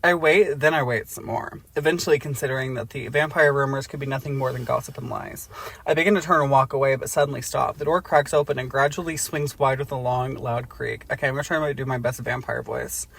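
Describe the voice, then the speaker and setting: A man's voice: mid-range voice, steady tone, fast, gravelly, a bit bright, slightly rough. A man co-hosting a podcast, reading a book aloud for comedy with joking asides. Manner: joking asides, breaks into laughter. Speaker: podcast co-host.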